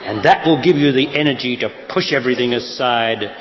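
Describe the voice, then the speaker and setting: A man's voice: mid-range voice, a little fast, lo-fi sound, crowd noise. Blunt man teaching in an echoey hall. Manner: emphatic, blunt, rhetorical questions. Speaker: spiritual teacher. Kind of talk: spiritual talk to an audience.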